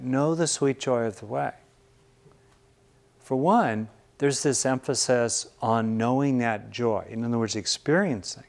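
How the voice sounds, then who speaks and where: A man, a meditation teacher, giving a relaxed, conversational Buddhist dharma talk with wry humorous asides. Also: mid-range voice.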